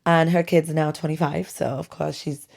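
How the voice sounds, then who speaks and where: A middle-aged woman hosts a casual podcast from her bedroom on a home podcast mic, chatty, self-deprecating and laughing often. Her voice is low-pitched, creaky and a little mellow, with a flat delivery at a moderate pace.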